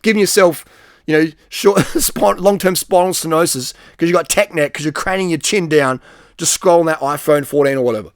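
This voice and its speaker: A middle-aged man with a blunt, profane manner, giving advice in a rambling casual monologue, often trailing off on a low, quiet word. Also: brisk, no room sound, studio quality.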